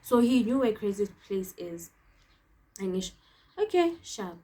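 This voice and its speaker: Young South African woman vlogger, lively storytime delivery, switches languages freely. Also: mid-range voice, moderate pace, breathy edge. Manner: animated, code-switching storytelling. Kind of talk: storytime vlog.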